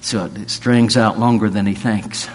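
A preacher with a low, unhurried drawl, spinning folksy yarns before building to fervent declarations. He takes his time over every phrase, a faint hum lingering beneath the voice. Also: steady tone. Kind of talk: sermon with folksy storytelling.

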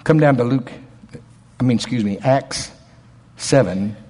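A man preaching a sermon in a folksy, emphatic way, dropping to quiet asides and rising to loud, shouted passages. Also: medium pitch, a little slow. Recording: long hall reverb.

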